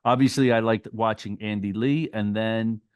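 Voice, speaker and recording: A man with a fairly low voice reads listener mail aloud in a relaxed, chatty way. He slips in his own remarks between the lines he reads. The recording is dry and close, with no echo. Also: normal speed, clean tone, lo-fi sound. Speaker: podcast co-host reading listener mail. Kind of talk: casual chat and reading aloud.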